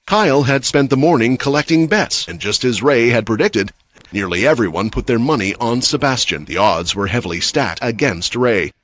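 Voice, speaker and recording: A man's voice: mid-range voice, lively intonation, moderate pace, fairly bright tone. A man giving scripted, dramatic story narration for a comic recap.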